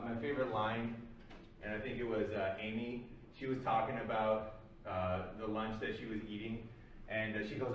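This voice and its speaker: A man's voice: medium pitch, slight background noise. A man giving a recorded psychology lecture, explaining loosely with many fillers. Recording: very echoey room, mic at a distance.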